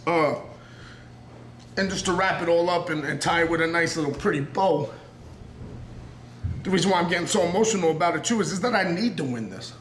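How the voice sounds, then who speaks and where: Intense New York wrestler, roomy echo. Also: male voice, fairly high pitch, a little fast, pauses often, fairly bright tone, slight background noise. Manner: earnest and intense, rambling, circling back on himself. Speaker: professional wrestler. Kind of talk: raw unscripted wrestling promo interview.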